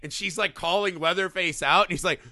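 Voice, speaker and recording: A man co-hosting a casual podcast, reviewing a horror film with excited, profane enthusiasm and little acted-out bits. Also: high-pitched, no echo, clean studio sound. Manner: excited, profane, acts out scenes in quick bursts. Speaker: podcast co-host.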